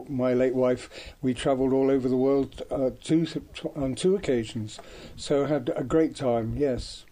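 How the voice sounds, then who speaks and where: An older man from Devon, England, appears as a guest reminiscing about his life in conversation. His mid-range voice is mellow, and he speaks hesitantly, full of ums and restarts.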